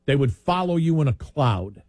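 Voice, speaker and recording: A man's voice: on the high side, animated, normal speed, darkish tone, no room sound. Man rambling through old camp stories. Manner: rambling anecdotal storytelling, laughs often. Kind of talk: casual chat.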